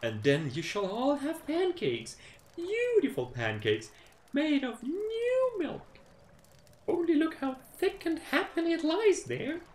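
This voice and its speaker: Dude doing a shrill high housewife mom, sing-songy, echoey room. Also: male voice, huge pitch swings, slow pace, heavily acted. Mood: fussing. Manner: shrill falsetto. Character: shrill fussing good housewife mother. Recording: roomy echo with faint ambience.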